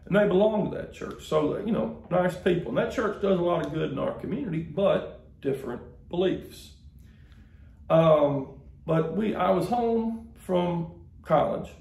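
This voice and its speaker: Gravelly preacher. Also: male voice, on the high side, darkish tone, roomy sound. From Mississippi, US. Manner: folksy storytelling, conversational. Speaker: pastor. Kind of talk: sermon.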